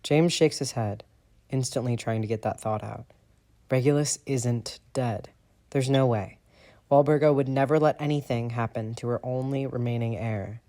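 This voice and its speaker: A man narrating a fan fiction audiobook in an expressive, steady storytelling voice. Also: medium pitch, normal speed. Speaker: audiobook reader.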